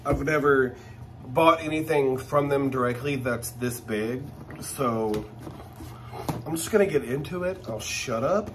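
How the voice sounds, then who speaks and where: A man chatting casually while unboxing luxury items, gushing and exclaiming with excitement. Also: medium pitch, a little slow, over music.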